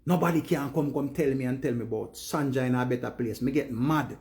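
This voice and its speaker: A man's voice: medium pitch, brisk, gravelly, hardly any pauses, darkish tone. A man with a Jamaican accent giving an earnest, preachy monologue in Patois to his viewers. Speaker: live streamer.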